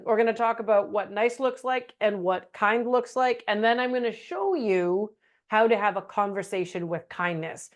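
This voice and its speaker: A middle-aged woman presenting a webinar in a casual, animated teaching style, slipping into meek voices for examples. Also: fairly high pitch. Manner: animated, acts out quoted phrases in a meek voice.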